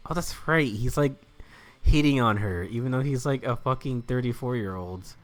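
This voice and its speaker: A man's voice: medium pitch, moderate pace. A young man giving casual, joking let's-play commentary, rambling and laughing at himself. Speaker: gameplay commentator. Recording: faint game music behind.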